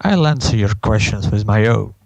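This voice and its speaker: A man's voice: lowish voice, animated, moderate pace, gravelly, darkish tone, no echo. A man reading a stern young female comic character in his own voice.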